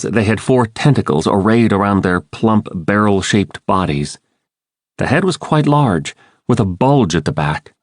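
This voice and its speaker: A male audiobook narrator reads in first person with dramatic expression. His low voice moves widely in pitch. The studio sound is close and dry. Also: a little mellow, dry recording. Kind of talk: scripted narration.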